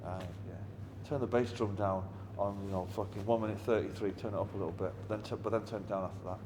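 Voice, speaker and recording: A man's voice: on the low side, steady tone, fast. A middle-aged man, a musician telling anecdotes in an interview in a blunt, wry, heavily swearing manner. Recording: long reverb with faint ambient noise.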